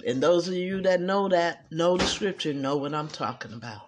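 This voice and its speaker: A podcast host speaking in an earnest, colloquial, gently preachy monologue, openly emotional and rambling a little. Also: medium pitch, moderate pace, hardly any pauses. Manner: colloquial, double negatives. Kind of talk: casual heartfelt monologue.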